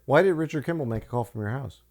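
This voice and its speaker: A man's voice: medium pitch, fast, a little mellow. A man co-hosting a movie review podcast at home, chatting casually and teasing his co-host. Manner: playful, teasing, slips into goofy voices. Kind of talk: casual joking chat.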